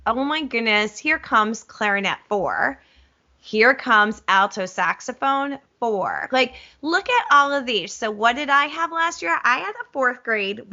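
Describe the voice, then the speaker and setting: A middle-aged woman music teacher demonstrating a curriculum in an enthusiastic webinar, animated and gushing, with self-aware asides. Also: a little high, muffled recording.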